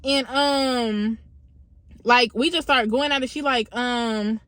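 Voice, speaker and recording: A woman's voice: a little high, fairly even intonation, slow pace, fairly bright tone, dry recording. Slangy young woman telling a story. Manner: slangy, profane, conversational retelling. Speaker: vlogger. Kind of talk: casual storytime.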